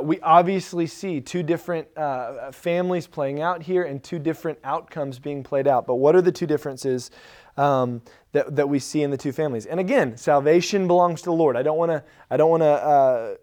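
Male pastor, conversational sermon delivery, fairly high voice, loose and informal. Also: a little fast, a little mellow. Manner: casual, conversational preaching with fillers and restarts.

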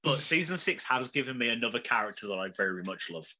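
A man chatting casually as a podcast co-host, animated, swearing freely and laughing often. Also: medium pitch, fast talker, slight background noise. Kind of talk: casual chat.

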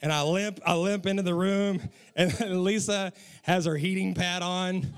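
A man's voice: sits high, fairly even intonation, measured pace, clear, resonant tone. A man, preaching a sermon and telling funny stories from his own life, chuckling and talking straight to the audience. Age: 40s. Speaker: pastor. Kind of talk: sermon with humorous personal stories.

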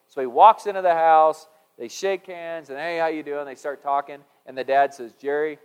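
A man preaching a conversational sermon, retelling a story with frequent restarts. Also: fairly high pitch. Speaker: pastor.

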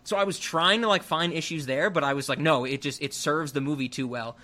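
A man with a somewhat raised pitch chats casually about a film he loves. He rambles with many restarts and bursts of excitement. It sounds like an easygoing podcast conversation. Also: brisk. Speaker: podcast co-host. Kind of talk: casual movie review chat.

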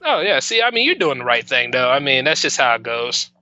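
Guy from delaware ranting on a podcast, high bright voice, dry close mic. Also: big pitch swings, brisk, no echo, dull audio. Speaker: podcast guest. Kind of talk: casual podcast chat.

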